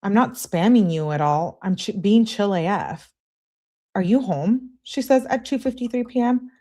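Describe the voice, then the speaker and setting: A woman's voice: mid-range voice, lively intonation, moderate pace, warm tone. A woman hosting a livestream, casually reading text messages aloud and saying who says what before each one, with her own comments in between. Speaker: livestream host.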